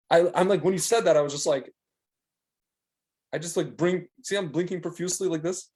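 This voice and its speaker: A middle-aged man with a somewhat high voice chats casually on a podcast. He tells stories in a rambling, animated way and keeps restarting his sentences. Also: fairly quick. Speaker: podcast co-host. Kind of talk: casual chat.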